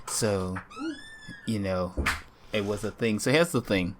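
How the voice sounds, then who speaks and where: A man's voice: on the low side, unhurried, very noisy. A young man co-hosting a casual podcast, laid-back and rambling, laughing often. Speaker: podcast co-host.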